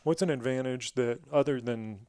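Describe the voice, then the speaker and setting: A man hosting a podcast, asking parenting questions in a relaxed, conversational way. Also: medium pitch, normal speed, clean tone, dry recording, clean studio sound. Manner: relaxed, conversational, says "dude". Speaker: podcast host. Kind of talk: casual interview chat.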